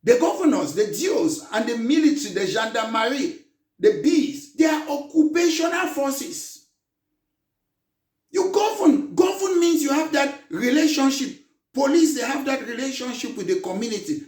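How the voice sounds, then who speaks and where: Impassioned high-voiced man, echoey. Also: lively intonation, moderate pace, far from the mic. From Cameroon. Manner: impassioned, emphatic, rising to shouts. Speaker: political party leader. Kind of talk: political address to followers. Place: room in London. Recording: echoey room, voice off the mic.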